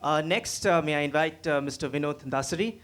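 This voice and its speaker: A man's voice: a little high, fairly quick, a bit bright. A man moderating a conference session and introducing speakers, courteous and hesitant with fillers.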